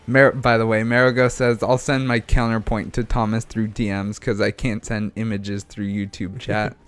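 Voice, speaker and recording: Low-voiced male streamer, casual, reads chat aloud, rambles and laughs easily. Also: level tone, normal speed, clear, resonant tone. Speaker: livestream co-host reading chat. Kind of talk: casual gaming livestream chat.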